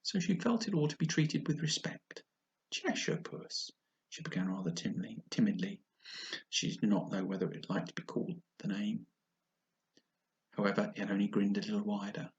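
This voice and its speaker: A man narrating a classic children's story aloud, expressive, with the odd slip. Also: lowish voice, brisk, highs cut off. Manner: expressive reading with small slips.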